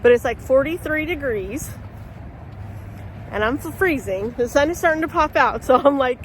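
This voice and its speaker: Chatty high-voiced woman vlogging outdoors. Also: a little hiss or hum. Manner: upbeat, chatty, rambling. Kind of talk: casual vlog chat while hiking. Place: outdoors on a mountain trail. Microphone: small handheld camera.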